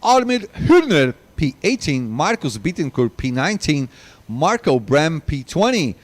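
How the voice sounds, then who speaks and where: A man's voice: fairly high pitch, sing-song, moderate pace. A man commentating live kart races, reading long lists of drivers and chatting to viewers, running out of breath. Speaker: race commentator.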